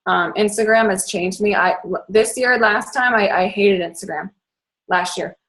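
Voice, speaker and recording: A young woman from the Boston area who talks very fast in a bubbly, chatty way as she coaches her team in a casual talk. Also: medium pitch, fairly bright tone. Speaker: network marketing fitness coach.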